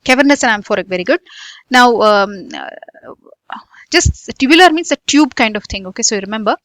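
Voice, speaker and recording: A woman's voice: a little high, animated, brisk, a bit bright, no room sound. A woman with an Indian English accent teaching a medical exam lecture, repeating key points and quizzing students with frequent "okay" and "guys". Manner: repetitive, drilling students with questions and frequent "okay". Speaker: medical tutor.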